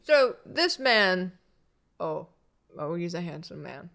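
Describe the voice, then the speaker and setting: A woman's voice: fairly low pitch, sing-song, slow pace, background noise. A woman in casual chat describing a man's face in detail, hesitant and stopping often to find words.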